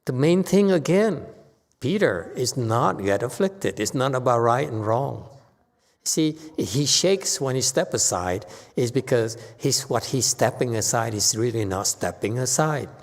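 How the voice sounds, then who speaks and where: A man's voice: mid-range voice, animated, measured pace. A man, a Buddhist master, giving a Dharma talk in an emphatic, sometimes playfully teasing way. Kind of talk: sermon. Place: temple hall. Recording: long hall reverb.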